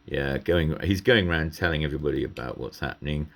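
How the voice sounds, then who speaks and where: A man's voice: a bass voice, quick pace, fairly bright tone. A man casually commenting over a recording of a strategy game, rambling and hesitant with many ums and asides. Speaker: gameplay commentator.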